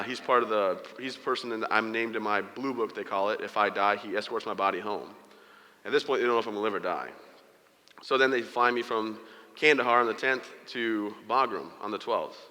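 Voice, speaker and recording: A man's voice: fairly low pitch, sharp tone. A man giving a motivational speech, telling his story with humor and acting out the voices of the people in it. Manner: storytelling with humor, quoting others in character. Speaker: motivational speaker. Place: large hall before an audience. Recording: reverberant hall.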